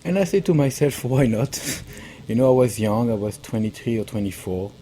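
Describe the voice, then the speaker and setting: Male guest with a thick French accent, dark mellow voice, halting storyteller. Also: medium pitch, lively intonation. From France. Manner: halting, with many fillers and laughs. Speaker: pastry chef guest. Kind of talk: conversational interview.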